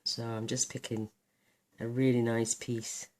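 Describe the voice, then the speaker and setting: A woman hosting a card-making tutorial, chatting enthusiastically while she works, her voice a little croaky. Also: very deep voice, little pitch movement, unhurried, darkish tone. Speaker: craft channel host.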